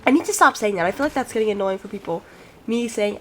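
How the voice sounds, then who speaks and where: A woman's voice: mid-range voice, expressive, fast talker, fairly bright tone, slight background noise, low-quality recording. Rambling self-deprecating gaming woman. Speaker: gaming channel host. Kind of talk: let's play commentary.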